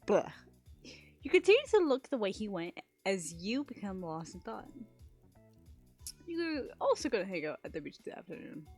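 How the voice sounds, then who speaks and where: A woman streamer reads a story game's narration aloud in a mid-range voice, breaking off into chatty, swearing asides. Soft game music plays underneath. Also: mid-range voice, sing-song, moderate pace, long pauses. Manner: chatty, laughs and swears between lines. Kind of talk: reading a visual novel aloud on a live stream.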